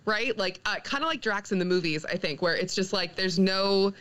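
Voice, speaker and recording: A woman's voice: medium pitch, moderate pace, a bit bright. Chatty woman co-hosting a comics podcast. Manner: chatty, laughs often, many fillers and restarts. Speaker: podcast co-host. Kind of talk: casual chat about comics.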